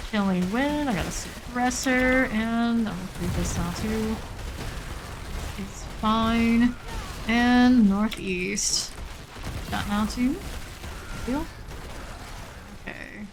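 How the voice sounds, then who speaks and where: Woman gamer streaming, calm steady callouts, mid pitch, rainy hiss behind her. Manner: steady running callouts, calm and matter-of-fact. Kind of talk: live gameplay commentary.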